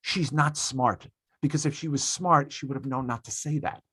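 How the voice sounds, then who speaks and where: A man's voice: mid-range voice, normal speed, a bit bright, husky, no room sound. A man hosting a podcast, ranting emphatically in casual opinionated chat and swearing freely. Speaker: podcast host.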